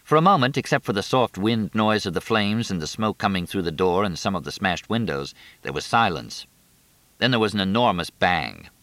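Brief: male narrator, deep and steady, dry booth sound. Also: normal speed, no room sound. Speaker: audiobook narrator. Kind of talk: scripted narration.

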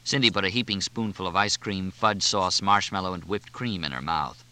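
Man, audiobook narration, expressive, low-ish voice, bright. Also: moderate pace, smooth, poor audio. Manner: expressive reading. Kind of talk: scripted narration.

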